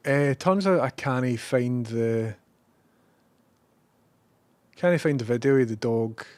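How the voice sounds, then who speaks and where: A man's voice: mid-range voice, no room sound. Sweary Scottish man chatting on stream. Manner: rambling and profane, with bursts of loud excitement. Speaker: live streamer. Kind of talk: casual live-stream chat.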